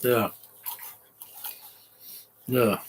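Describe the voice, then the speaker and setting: A man hosting a casual live movie commentary, opinionated, rambling and defensive. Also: extremely slow.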